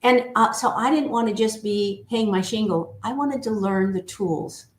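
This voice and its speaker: Woman in her sixties, culture coach guest; measured, deliberate delivery; roomy echo. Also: medium pitch. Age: older. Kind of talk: conversational interview. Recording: echoey room.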